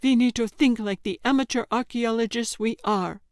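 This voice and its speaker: A woman's voice: a little high, normal speed, no echo, voice pushed up, close to an everyday voice. A stubborn, bossy young boy barking orders in a cave, sounding surer than he is, read by a woman narrator. His voice sits somewhat raised and firm. The sound is dry and close. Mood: commanding. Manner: commanding, falsely confident. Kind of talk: audiobook character reading.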